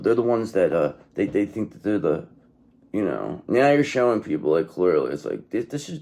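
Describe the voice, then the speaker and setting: Brief: a low, gravelly man reading tarot, blunt and sweary, with lots of up and down in his voice. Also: a little mellow. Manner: blunt, profane and repetitive, often says okay. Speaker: tarot reader. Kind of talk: casual tarot reading monologue.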